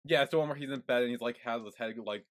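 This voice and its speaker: A man's voice: medium pitch, racing. A man co-hosting a casual podcast, retelling scenes in a chatty storytelling way. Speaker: podcast co-host. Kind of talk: casual recap chat.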